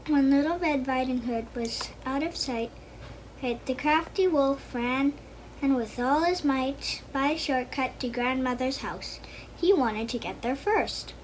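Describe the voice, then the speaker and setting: A woman with a high voice reads a children's story aloud at a measured pace, making occasional small slips. The recording is rough, with faint noise behind her.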